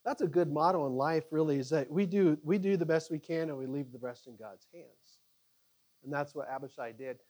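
A man teaching a Bible study to a group, animated and conversational, with frequent halting restarts. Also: a little high.

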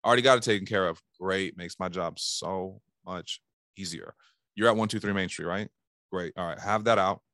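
A man's voice: sits low, normal speed, fairly bright tone, no echo, studio quality. A man giving casual sales coaching, talking animatedly and acting out phone calls in bursts. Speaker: sales trainer.

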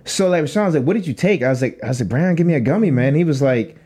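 A man's voice: on the high side, fast talker, breathy edge. A young man, a podcast co-host, telling a long profane story in casual chat and acting out the voices in it. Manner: animated, profane storytelling with acted-out quotes.

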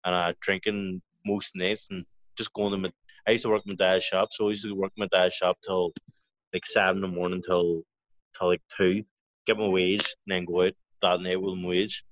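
A man's voice: low-pitched, little pitch movement, normal speed, a bit bright, dry recording. A man who is a professional boxer, guest in an interview, telling rambling stories with lots of swearing and restarts. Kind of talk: casual storytelling interview. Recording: dry, dull lo-fi audio.

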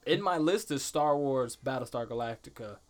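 A man's voice: medium pitch, expressive, normal speed. A man chatting casually on a podcast, laughing often and talking in slangy bursts. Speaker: podcast guest. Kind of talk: casual chat.

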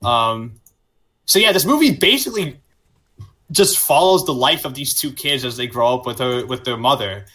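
A man co-hosting a casual podcast, talking in an animated way, laughing often and swearing. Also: mid-range voice, moderate pace. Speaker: podcast co-host.

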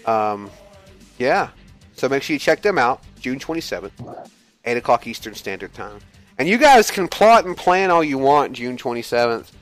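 A man's voice: medium pitch, fairly bright tone. A man co-hosting a wrestling podcast in casual chat, joking and trash-talking like a wrestler. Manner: jokey, boastful trash talk. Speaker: podcast co-host.

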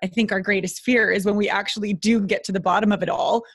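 A woman guest on an interview podcast, talking in an earnest, expressive, spiritual way with sudden bursts of emphasis. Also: mid-range voice, fast talker, no room sound, studio quality. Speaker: guest intimacy expert.

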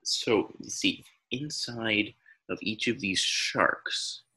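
A young man co-hosting a casual comedy podcast, telling absurd made-up facts in a deadpan way with many filler pauses. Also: on the low side, slightly rough, low-quality recording. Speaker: podcast co-host.

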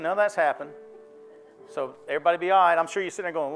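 A pastor with a high, bright-sitting voice delivers a folksy, conversational sermon in church. He keeps asking the congregation if they follow him. A faint instrument plays softly underneath. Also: very fast, soft background music. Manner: folksy, conversational preaching with call-and-response questions.

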